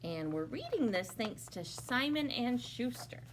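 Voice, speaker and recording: A woman librarian reading a picture book aloud at a preschool storytime, pausing to ask the young listeners questions. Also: fairly high pitch, sing-song, slight background noise. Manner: slow, sing-song, asks young listeners questions. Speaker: children's librarian.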